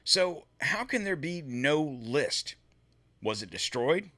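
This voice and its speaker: A man's voice: a little high, big pitch swings, slow pace, pushed and bright. A man hosting a solo political commentary show, reading from his script and breaking off to mutter and swear in frustration.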